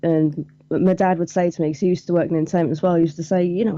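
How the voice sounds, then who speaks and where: Mellow-voiced young woman chatting. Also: fairly low pitch, steady tone, racing, hardly any pauses, no room sound, highs cut off. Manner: chatty, laughs easily. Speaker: podcast guest. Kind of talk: casual chat.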